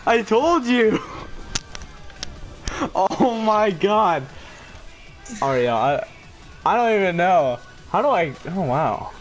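A young man narrates his own football game in a high, wildly swinging voice. He mutters low, then bursts into shouts and laughter. Game music plays faintly underneath. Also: big pitch swings, slow, pauses often. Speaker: gaming video host. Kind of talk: excited gameplay commentary.

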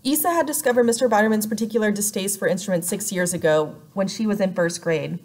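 A woman's voice: medium pitch, fast, hardly any pauses, a little mellow. Woman reading a children's novel aloud. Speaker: audiobook narrator. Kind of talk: scripted narration.

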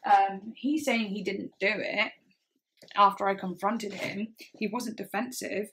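A woman telling a personal story in a storytime vlog, speaking haltingly with frequent pauses and restarts. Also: medium pitch, fairly bright tone, a little hiss or hum. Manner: halting, hesitant speech with many restarts. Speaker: vlogger.

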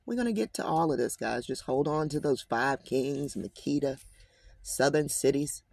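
A man's voice: medium pitch, moderate pace, vocal fry, darkish tone, husky, no room sound. Man reading scripture with casual asides. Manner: conversational, addresses listeners as guys; emphatic, slangy asides. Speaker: Bible commentator.

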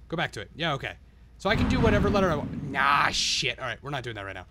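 A man with a fairly high voice that leaps all over the place, running a live-stream commentary over a game. He swears nonstop, mutters to himself and gets loud whenever something puzzles him. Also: quick pace, background noise. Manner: excitable, swears constantly, talks to himself.

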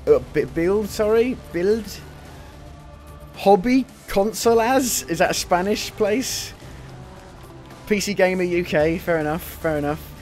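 A man of twenty giving casual, chatty commentary while playing a racing game demo, reacting with quick excited exclamations. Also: high voice, faint music behind. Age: 20s. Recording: loud racing game engine noise under the voice. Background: racing car engines from the game.

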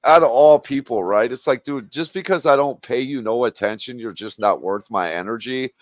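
A man's voice: mid-range voice, moderate pace, dry recording. A man from Wisconsin hosting a livestream, chatting casually in a blunt, mocking, profane way. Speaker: livestream host.

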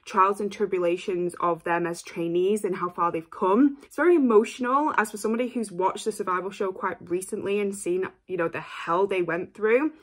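Woman host reacting on camera, casual and effusive, prone to excited outbursts. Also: mid-range voice. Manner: gushing, apologetic, quick bursts of excitement.

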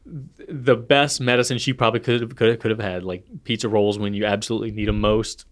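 A man's voice: fairly low pitch, steady tone, quick pace. A man in his thirties co-hosting a podcast, telling playful, rambling stories with plenty of fillers. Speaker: podcast co-host. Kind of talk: casual chat.

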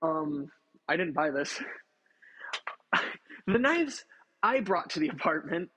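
Husky high-voiced man streaming while cooking. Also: sing-song, slow, fairly bright tone, rough recording. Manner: chatty, swearing, self-mocking, talks to chat. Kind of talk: casual cooking livestream chat.

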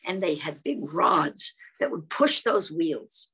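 A woman reading and singing to young children in a gentle voice, often asking them questions and clearing her throat. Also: lowish voice, very animated, slow pace. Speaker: children's storyteller.

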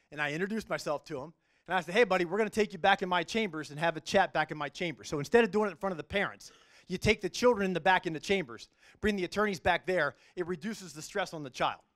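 A middle-aged man, a judge, giving an earnest, animated faith-based talk to a business group, telling stories from his courtroom. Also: high-pitched, fast talker. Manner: storytelling, earnest, animated delivery.

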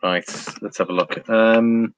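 A man hosting a relaxed live stream, reading out viewer comments and talking over charts. His voice sits fairly low, and he laughs easily between remarks. The sound is dry and close, with no room around it. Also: slow, clear, resonant tone, no echo, dull audio. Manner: chatty, reads viewer comments aloud, laughs often, trails off.

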